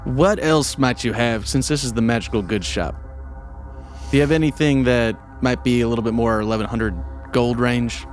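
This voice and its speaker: A man's voice: mid-range voice, moderate pace, faint music behind. A man role-playing a character at a tabletop game, rambling and hesitant with lots of ums and restarts. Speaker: player.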